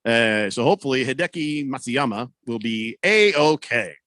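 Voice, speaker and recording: A man's voice: mid-range voice, lively intonation, normal speed, pushed and bright, dry recording. A man hosting a sports radio show in casual, rambling talk, joking around with plenty of fillers on a studio microphone.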